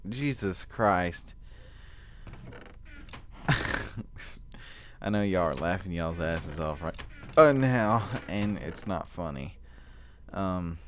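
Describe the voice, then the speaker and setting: Teen boy, gaming commentary, deep low voice, hiccuping, groaning, complaining. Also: slight background noise. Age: teens. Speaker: gaming channel host. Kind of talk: casual gameplay commentary.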